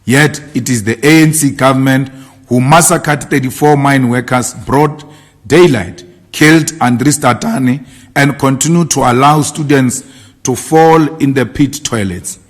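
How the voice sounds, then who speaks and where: A man's voice: medium pitch, unhurried. A man delivering a formal political statement in a declamatory, repetitive rallying cadence. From South Africa. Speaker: party leader giving a statement.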